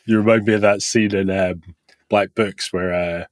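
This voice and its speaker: A man's voice: on the low side, steady tone, normal speed, dry recording. A man hosting a podcast in casual comedic chat, jokey, laughing often and swearing casually. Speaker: podcast host.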